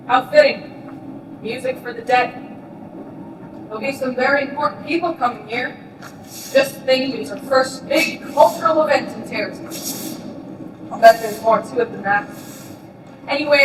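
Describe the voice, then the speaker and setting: High-voiced sarcastic woman on a distant stage. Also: noisy background. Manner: sarcastic, mocking, flares into shouting. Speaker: stage actor playing a camp prisoner. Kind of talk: recorded stage play. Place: theatre stage. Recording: roomy distant stage recording.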